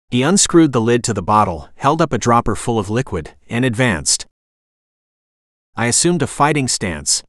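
A man's voice: mid-range voice, expressive, moderate pace, a bit bright, no room sound. Dry, close male audiobook narrator. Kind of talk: scripted first-person narration.

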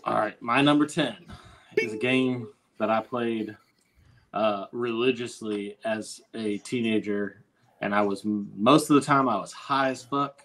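A man's voice: fairly low pitch, fairly even intonation, measured pace, fairly bright tone, rough recording. A man co-hosting a podcast, telling a story in a rambling, easygoing way with lots of swearing. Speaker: podcast co-host. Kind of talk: casual storytelling chat.

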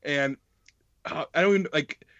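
A man's voice: fairly high pitch, moderate pace, fairly bright tone, no echo, dull audio. A man in a casual film talk, often restarting and repeating words. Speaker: film podcast co-host. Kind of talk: casual chat.

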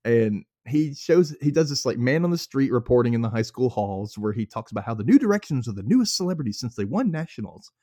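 Man, podcast host, young, from Mississippi, casual recap, acts out characters, very expressive pitch, dry close mic. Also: fast talker, hardly any pauses, no room sound. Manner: animated, laughs often, acts out characters.

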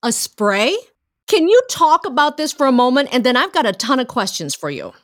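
Lively woman host asking probing questions. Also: high voice, brisk. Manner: probing, playfully pushes for details. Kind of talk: interview questions.

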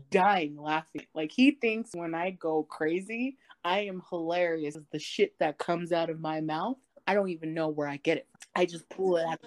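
Animated, foul-mouthed woman telling a story. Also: on the low side, normal speed, few pauses. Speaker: podcast co-host. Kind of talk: casual podcast chat.

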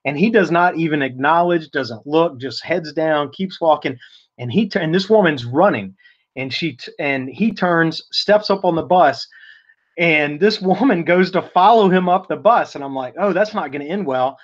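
Animated man telling a story on a podcast. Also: on the high side, normal speed. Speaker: podcast co-host. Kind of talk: casual sports podcast chat, storytelling. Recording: lo-fi, slightly dull sound.

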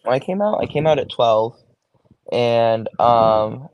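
A man's voice: mid-range voice, lively intonation, slow, darkish tone, a little hiss or hum. A young man, a go-go dancer, talking casually in an interview, chatty, swearing freely and saying "like" a lot. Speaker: guest, go-go dancer.

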